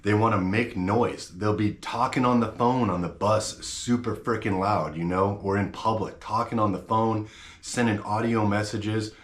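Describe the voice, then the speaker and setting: A man's voice: fairly low pitch, fairly even intonation, moderate pace, reverberant. A man hosting his own channel, talking straight to camera in a blunt, slangy, fired-up rant. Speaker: channel host.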